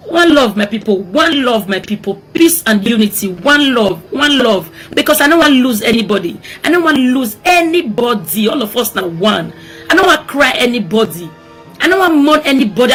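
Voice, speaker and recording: Nigerian lady begging for peace, breathy voice, keeps repeating herself. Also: fairly high pitch, fairly bright tone. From Edo State, Nigeria. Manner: pleading, repeats words, mixes in Edo phrases. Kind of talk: emotional appeal for peace.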